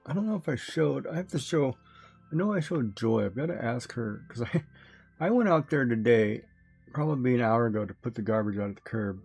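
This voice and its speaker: A man with a gravelly, husky voice talks loosely with his stream audience, wandering from thought to thought with frequent chuckles. Soft music plays faintly behind him. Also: mid-range voice, animated, brisk. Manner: rambling, chuckles often. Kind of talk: casual chat with a live audience.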